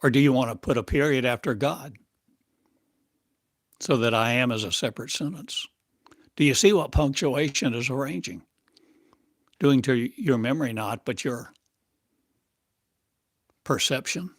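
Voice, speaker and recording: A man as a spiritual teacher, delivering a channeled monologue in slow, halting, cryptic phrases. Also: mid-range voice, no echo, clean studio sound. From United States.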